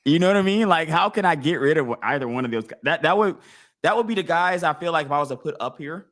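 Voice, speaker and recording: A man hosting a casual live stream, talking through his choices out loud and acting out imagined crowd voices. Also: on the high side, expressive, fast talker. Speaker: fantasy football league podcast host.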